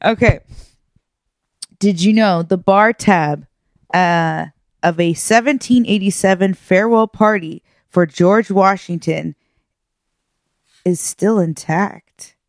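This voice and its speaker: A woman's voice: medium pitch, no echo, studio quality. A woman co-hosting a podcast in loose, casual chat, drawing out her words and laughing often. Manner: giggly, drawn-out, loose delivery. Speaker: podcast co-host.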